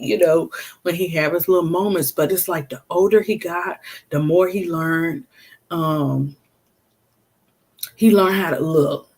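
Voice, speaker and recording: A woman's voice: low-pitched, measured pace, a little mellow. A woman talking casually and earnestly about raising her autistic son, rambling with many fillers like "you know" and "or whatever". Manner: earnest and emphatic. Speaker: parent of an autistic child. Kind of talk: casual personal talk.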